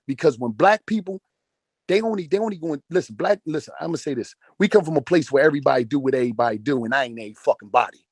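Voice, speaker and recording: A man's voice: on the high side, expressive, fast, slightly rough, dry recording, clean studio sound. A man in his forties giving a profane, emphatic motivational rant over a phone call, repeating phrases for force. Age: 40s. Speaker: speaker in a group audio call. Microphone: phone on an audio call.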